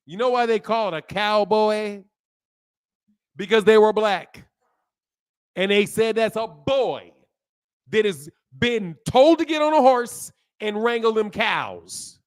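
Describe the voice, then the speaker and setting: A man's voice: sits high, animated, takes it slowly, clean tone. Heated slangy man lecturing on stream. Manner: heated, lecturing, loose slang, repeats himself. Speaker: livestream host. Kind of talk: casual livestream talk, answering chat.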